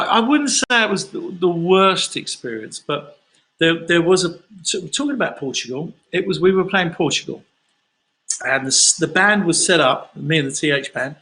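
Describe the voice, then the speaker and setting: A man's voice: a little high, pushed and bright, poor audio. A man from London, a singer chatting casually through fan questions on a livestream and telling rambling stories.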